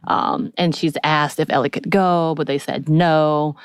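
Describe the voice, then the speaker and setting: Woman on a podcast retelling a tv episode, low smooth voice, acts out the lines. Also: unhurried, no echo, clean studio sound, soft background music. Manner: lively storytelling, acts out characters' lines. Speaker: podcast co-host. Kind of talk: casual TV recap chat.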